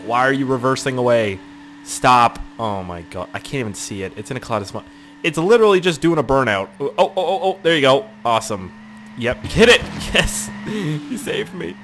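A young man giving excitable let's play commentary into a desk mic. His pitch is very lively and keeps jumping into high yelps between quick, swearing remarks. Faint noise runs under the voice. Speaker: gaming channel host.

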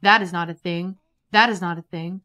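A woman giving casual, chatty commentary over a life-simulation game, excitable and prone to repeating herself. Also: on the low side, normal speed. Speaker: gaming YouTuber. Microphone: desktop USB microphone.

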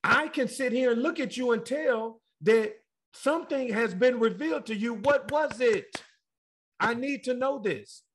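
A man teaching a Bible study, excitable and exclaiming, speaking directly to his listeners. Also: very high-pitched, measured pace.

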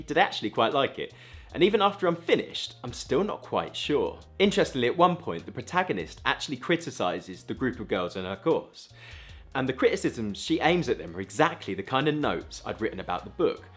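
A man talks through book picks in a chatty, enthusiastic way, his pitch bouncing up and down a lot. He speaks straight to the viewer in a scripted review. Soft music plays faintly behind him.

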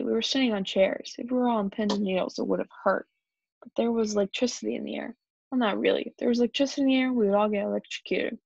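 Brief: young woman narrator for a children's storybook, gravelly tone, dry dull lo-fi recording. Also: mid-range voice, no echo. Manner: lively character voices and shouts. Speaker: storybook reader. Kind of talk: children's story read-aloud.

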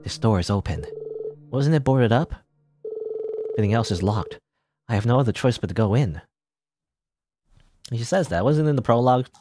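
A man narrating his gameplay in a rambling, chatty way, thinking out loud and chuckling as he goes. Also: mid-range voice, expressive, normal speed, long pauses. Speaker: let's play gamer. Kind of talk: casual gameplay commentary. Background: game music.

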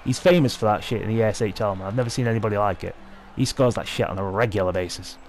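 A young man giving excitable, sweary live commentary over his own hockey video game match. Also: on the low side, quick pace, slight background noise. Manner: sweary, excitable, talking at the screen. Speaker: gaming video host.

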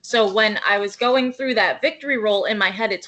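A young woman wrestler in a casual interview, telling her story in a quick, animated way with acted-out quotes. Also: medium pitch. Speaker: guest wrestler.

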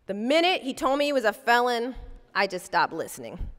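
A woman's voice: a little high, very animated, brisk. A woman lecturing as a civil rights lawyer, telling a personal story vividly and acting out the voices she quotes. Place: lecture hall. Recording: long reverb from a large hall.

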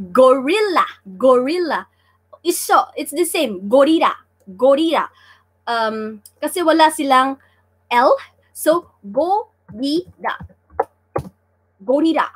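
A Filipino woman with a high, light voice leads a casual livestream lesson, drilling each word over and over. She keeps it chatty and playful, teasing her viewers between repetitions. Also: fairly bright tone. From Davao City, Philippines. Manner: repeats words drilling vocabulary, playful teasing of chat. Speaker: livestream language teacher. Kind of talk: casual live-stream lesson mixing English and Tagalog.

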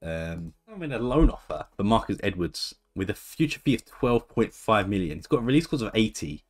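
Brisk and sing-song, his lowish voice carries casual chatter as he plays his own football management game. The young gaming YouTuber reacts to each move as it unfolds.

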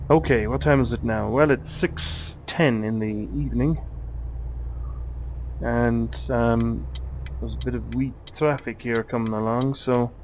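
A man's voice: mid-range voice, steady tone, measured pace, darkish tone, slight background noise, low-quality recording. A man, hosting a let's play with chatty, wry asides while he drives. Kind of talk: casual gameplay commentary.

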